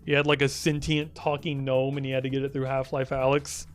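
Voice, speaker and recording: A man's voice: mid-range voice, level tone, fairly quick, clear, resonant tone, soft background music. A young man streaming live, chatting casually, teasing and swearing as he rambles.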